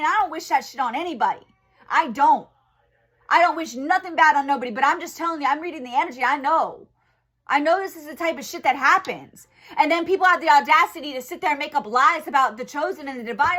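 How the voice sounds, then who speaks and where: High pitched young woman doing tarot talk, cusses a lot, blunt and fired up. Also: brisk, fairly bright tone. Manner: blunt and profane, grows heated and angry. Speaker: tarot reader and spiritual channel. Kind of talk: casual spiritual reading monologue.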